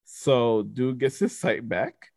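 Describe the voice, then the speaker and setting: A man telling a story in a casual, animated way, full of slang and profanity. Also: medium pitch, slow pace, vocal fry, no room sound.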